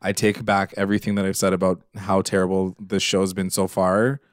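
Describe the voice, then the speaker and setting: A man with a fairly low voice co-hosts a casual TV recap podcast. He talks in loose runs full of fillers and gets animated as he retells emotional scenes. The close mic sounds dry, with no room around him. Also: fairly quick, dry recording. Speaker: podcast co-host. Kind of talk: casual chat recapping a TV episode.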